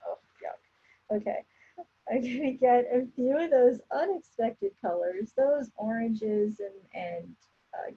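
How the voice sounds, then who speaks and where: A woman demonstrating an oil painting and explaining each step as she works, in a relaxed, instructive way. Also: a little high, breathy edge, muffled recording. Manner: relaxed, instructive, thinking aloud while painting. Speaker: painting teacher.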